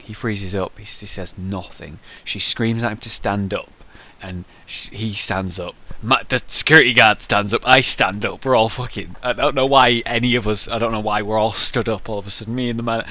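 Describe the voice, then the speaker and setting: A man's voice: fairly low pitch, brisk, bright, forceful tone. A young man answering viewer questions in a casual vlog, rambling through stories with lots of fillers. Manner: rambling, conversational storytelling with frequent fillers.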